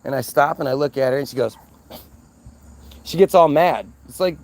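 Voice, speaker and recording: Gravelly-voiced man ranting. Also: medium pitch, normal speed, long pauses, a little mellow. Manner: exasperated, profane, lots of restarts. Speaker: vlogger. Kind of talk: casual story-telling rant.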